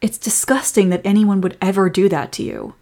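A young woman in a whispered role-play as a comforting girlfriend, speaking softly and protectively. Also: medium pitch, fairly even intonation, fairly quick. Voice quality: breathy.

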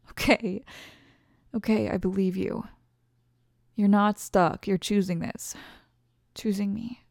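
A woman playing a gravelly, insecure pregnant ex-bully. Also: mid-range voice, fairly even intonation, slow pace, pauses often, dry recording, clean studio sound. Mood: teasing. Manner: emotional, defensive then tender, soft confessional asides. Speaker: audio role-play performer. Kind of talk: listener-directed audio role-play.

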